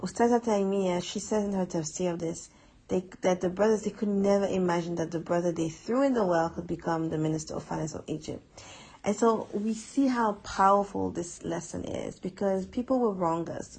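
A woman's voice: lowish voice, moderate pace, creaky, a little mellow, husky, poor audio. A woman giving a conversational Quran reflection lesson, earnest and chatty, repeating words for emphasis. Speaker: Quran teacher.

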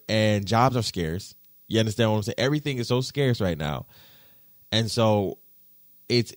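A man hosting a podcast, telling stories in casual slang with big swings in pitch and loudness. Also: no echo, clean studio sound. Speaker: podcast host.

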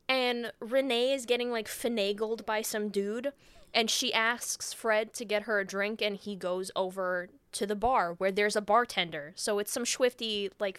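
A woman's voice: medium pitch, fairly bright tone, clean tone, no room sound. A woman co-hosting a casual podcast, retelling a film in a rambling, sweary way and laughing often. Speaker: podcast co-host.

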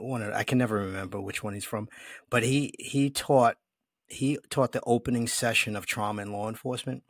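A man's voice: fairly low pitch, gravelly, a bit bright, dry recording, studio quality. A man hosting a podcast interview, chatting casually with hesitant fillers as he shares his own experiences. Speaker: podcast host.

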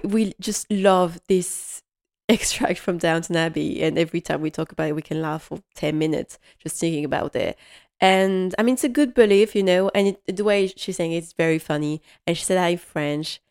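A woman's voice: on the low side, clean tone. A woman hosting a fan podcast on her own, talking in a casual, rambling way with lots of ums and restarts. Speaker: podcast host. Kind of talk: casual solo podcast chat.

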